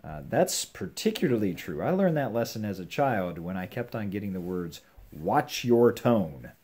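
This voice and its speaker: An older man giving earnest, measured advice on scripture to his children and grandchildren at home. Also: on the low side, very animated, darkish tone. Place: home with a puppy nearby.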